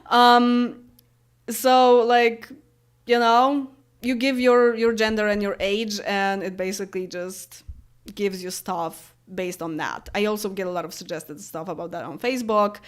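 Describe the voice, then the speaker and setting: Woman, late 20s, Polish accent, casual viewer chat, rambling, filler-heavy, mid-pitched voice. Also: fairly even intonation, a little slow, smooth. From Poland. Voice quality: chatty, rambling, frequent fillers and laughs. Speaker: YouTuber.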